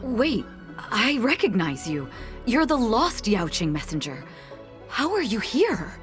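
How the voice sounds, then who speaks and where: Alert, helpful soldier. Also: female voice, fairly high pitch, big pitch swings, slow. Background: game music.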